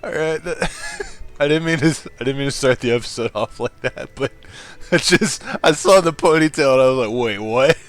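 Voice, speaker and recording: A man's voice: a little high, brisk, soft background music. A man giving casual, giggly commentary as he plays a story game. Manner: giggly and animated. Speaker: gaming video creator.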